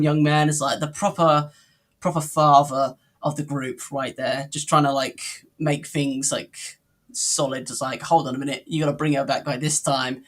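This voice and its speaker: Man co-host in a casual review chat, slightly high voice, lively retelling that slips into acting out the quoted lines. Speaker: podcast co-host reviewing a cartoon episode.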